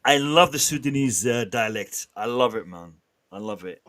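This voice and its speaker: A man hosting a casual live stream, bantering with the chat in a lively way and often restarting his sentences. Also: medium pitch, moderate pace. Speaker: livestream host.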